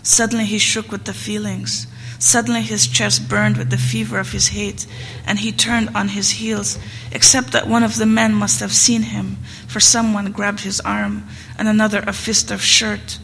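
Flat, gravelly woman reading fiction. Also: mid-range voice, moderate pace. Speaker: narrator. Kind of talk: audiobook reading of literary fiction. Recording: reverberant room, faint background noise.

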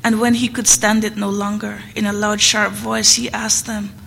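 A woman reading literary fiction aloud in a hall, measured and rhythmic. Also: medium pitch, flat delivery, creaky, a bit bright. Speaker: reader. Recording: long hall reverb, faint noise.

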